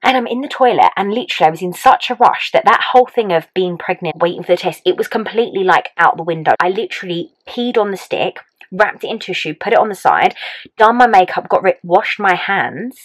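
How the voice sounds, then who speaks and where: A young woman telling a personal story to camera in a chatty, animated way, full of "like" and acted-out reactions. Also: fairly low pitch, a little fast, dry recording, poor audio. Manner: chatty, animated, lots of "like", acts out her own reactions. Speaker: vlogger.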